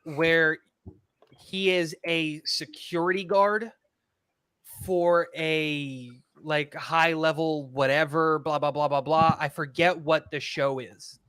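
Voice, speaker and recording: A man's voice: on the high side, fairly even intonation, takes it slowly, fairly bright tone, smooth, no room sound, clean studio sound. A man co-hosting a casual livestream chat, rambling and filling gaps with "um" and "like".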